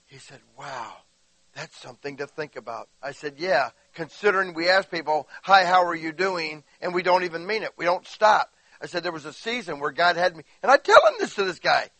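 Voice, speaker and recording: Slightly high and a little fast, a pastor's voice carries an animated sermon full of stories, with quotes acted out and frequent direct questions to his listeners in a conversational style. There's no echo, and the recording quality is low.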